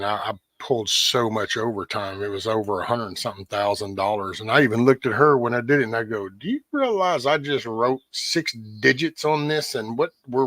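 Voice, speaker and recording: A man's voice: lowish voice, a bit bright, dry recording. A man hosting a casual livestream, ranting bluntly with lots of swearing and answering viewers' chat by name. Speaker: livestream host.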